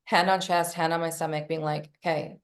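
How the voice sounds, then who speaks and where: Woman, podcast host, low-pitched voice, casual coaching talk, swears freely, acts out her inner voice. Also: level tone, brisk.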